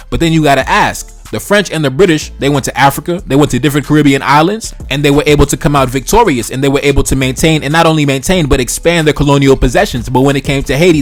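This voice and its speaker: A man giving an opinionated history commentary in colloquial speech, with emphatic delivery and sarcastic rhetorical questions. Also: mid-range voice.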